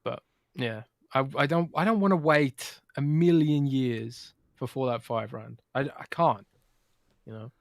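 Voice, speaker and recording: A man's voice: medium pitch, a little slow, vocal fry, dry recording. Enthusiastic podcast co-host, man, dry sound. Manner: animated, enthusiastic, rambling with fillers. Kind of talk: casual chat.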